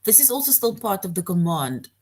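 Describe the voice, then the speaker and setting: A woman's voice: mid-range voice, big pitch swings, a little fast, darkish tone, husky. A woman teaching a grammar lesson to young children, patient and repeating her points, often checking in with "right?".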